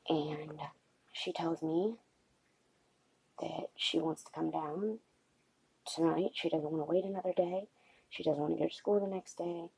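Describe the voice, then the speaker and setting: Woman vlogger, late-night confessional, gravelly rasp, very low, halting. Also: steady tone, dry recording, low-quality recording. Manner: hushed, halting, many pauses and fillers. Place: home at night.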